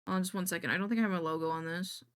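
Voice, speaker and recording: A woman's voice: lowish voice, steady tone, very fast, a bit bright, smooth. A woman streamer chatting casually to her viewers, thinking aloud in a jittery, self-deprecating way while she works. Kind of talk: casual live-stream chat.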